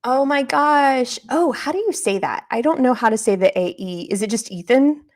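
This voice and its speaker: A woman hosting a live reaction stream in casual chat, low on energy and slightly raspy near vocal fry, easily distracted and reading chat aloud. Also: big pitch swings, a little fast, a little mellow.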